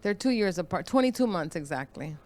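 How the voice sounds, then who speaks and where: A woman's voice: on the low side, animated, a little fast, darkish tone, no echo. A female guest in an interview, speaking sincerely and briefly about her children. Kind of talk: interview conversation.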